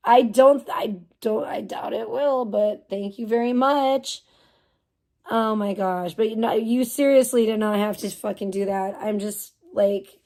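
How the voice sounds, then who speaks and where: A woman's voice: mid-range voice, darkish tone. A woman livestreamer venting to her chat in a profane, heated rant full of swearing, who stops to thank viewers. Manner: talks straight to viewers and thanks donors.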